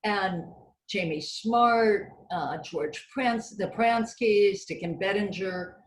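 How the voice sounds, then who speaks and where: A woman's voice: mid-range voice, takes it slowly, reverberant, low-quality recording. A woman hosting an online course group, talking in a friendly, encouraging, chatty way. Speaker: course host.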